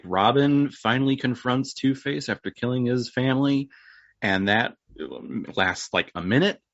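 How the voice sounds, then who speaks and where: A relaxed man guest recaps a film scene by scene, chuckling as he goes. His voice sits low, and the sound is dry and close with no room, but muffled and lo-fi. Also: dry recording. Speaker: podcast guest. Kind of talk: casual movie discussion. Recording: dry, dull lo-fi remote audio.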